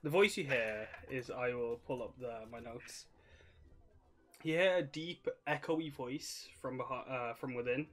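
A man running a tabletop game as game master, narrating in a casual, halting way with lots of pauses. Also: mid-range voice. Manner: casual, halting, with many fillers.

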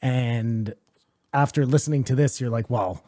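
A man's voice: a little high, lively intonation, normal speed, warm tone. A man co-hosting a comedy podcast, cutting in with mock-serious questions and crude jokes. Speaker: podcast co-host.

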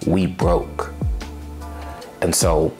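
A man's voice: deep voice, drawn-out words, faint music behind. A young man telling a personal testimony, acting out his past words with rising emotion. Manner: animated retelling, acts out his own past voice. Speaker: storyteller sharing a personal testimony. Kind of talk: personal storytelling.

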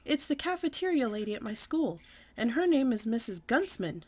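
A woman voicing a sassy, bossy little kindergarten girl who whines and pouts loudly while reading a storybook aloud. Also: a little high, very animated, normal speed, husky. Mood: excited. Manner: whiny, loud, pouty.

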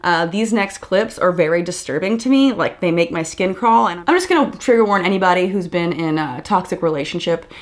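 A woman's voice: lowish voice, lively intonation, fairly quick, few pauses. A woman vlogger ranting in angry, exasperated commentary, swearing often.

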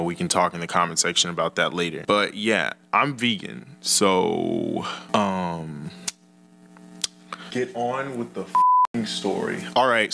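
A man's voice: deep voice, gravelly, pushed and bright. A young man telling a casual, rambling story with profane, exasperated asides, as a storytime YouTuber.

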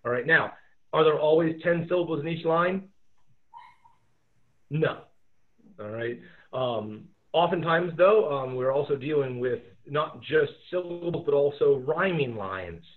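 A male teacher talks through a remote lesson in a loose, rambling way, pausing for plenty of ums. The sound is thin and phone-like, as if heard over a call. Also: on the high side. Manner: relaxed, rambling, many fillers. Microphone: video call. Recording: tinny phone-like audio.

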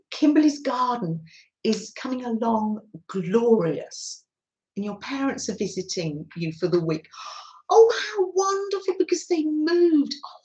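Lady on a craft livestream, takes her time, chatty and gentle, says hi to everyone. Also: mid-range voice, poor audio. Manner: gentle, chatty, greets viewers by name. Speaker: live-stream host, junk journal crafter. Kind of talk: live-stream chat greeting viewers.

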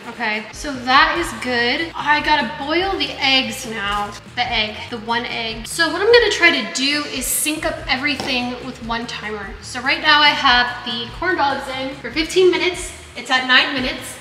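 Bright-voiced young woman vlogging while cooking. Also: high voice. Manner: chatty, frantic, talks to viewers while cooking. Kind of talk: casual cooking vlog. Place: home kitchen. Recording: echoey kitchen with long reverb. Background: soft background music.

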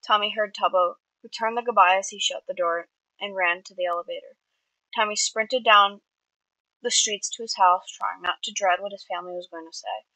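A woman's voice: mid-range voice, fairly even intonation, moderate pace, bright, forceful tone, no room sound, rough recording. A woman reading her own story aloud earnestly, with small slips and restarts. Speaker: amateur writer.

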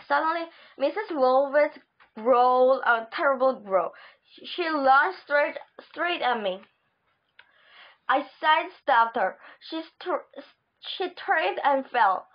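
Woman reading a children's chapter book, trips over words, high voice, muffled sound. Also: animated. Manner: halting, stumbling over words. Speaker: audiobook reader. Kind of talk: children's book read aloud. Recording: dull lo-fi recording.

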